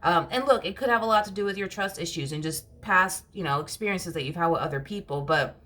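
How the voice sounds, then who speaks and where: Woman, tarot reader, slightly low voice, casual slang, repeats herself for emphasis. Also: fast, fairly bright tone. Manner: emphatic, repetitive, slangy and direct. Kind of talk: casual spoken tarot reading.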